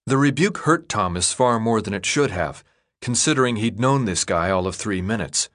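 Expressive male audiobook narrator. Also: fairly low pitch, moderate pace. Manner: expressive, steady reading. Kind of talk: scripted narration.

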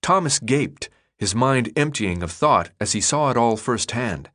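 A man narrating an audiobook in an expressive, dramatic storytelling manner. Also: mid-range voice, measured pace. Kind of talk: scripted narration.

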